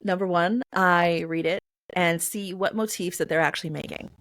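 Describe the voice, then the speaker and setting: Lowish voice woman chatting away in an interview, lots of fillers, dry sound. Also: fairly even intonation, moderate pace, a bit bright, no room sound. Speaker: guest, poetry reader. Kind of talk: casual interview answers.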